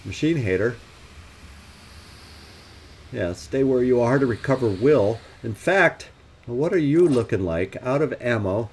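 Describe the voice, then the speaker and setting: A man hosts a let's play for a gaming channel, thinking aloud as he plans tactical moves and adding wry, self-questioning asides. His mid-range voice is animated yet unhurried, a little mellow with a breathy edge, and he pauses often.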